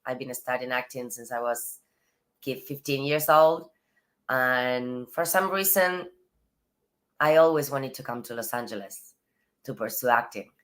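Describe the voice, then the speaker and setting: An Argentine woman with a strikingly low voice, speaking English as a second language after Spanish. She talks as a guest in a casual interview, thoughtful and relaxed. Now and then she slips in a soft laugh between phrases. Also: unhurried, pauses often. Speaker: actress, guest.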